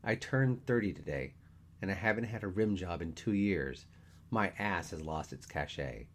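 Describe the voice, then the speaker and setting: A man's voice: low voice, animated, normal speed, slight background noise. A man voicing a self-pitying, theatrical man of thirty who complains in an overdramatic way in a storybook reading. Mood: gloomy, whiny.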